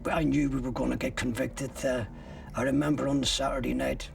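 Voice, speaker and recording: A man's voice: medium pitch, level tone, fairly quick, gravelly, distant mic. An older man, recounting a personal ordeal as an interviewee in blunt, graphic words with swearing.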